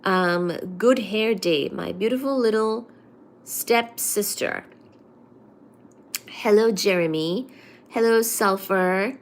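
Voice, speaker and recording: A woman chats casually on a livestream, reading her chat and greeting viewers one after another by name. She speaks at a slow, unhurried pace in a medium pitch. Her delivery is soft and loose, with frequent ums and pauses.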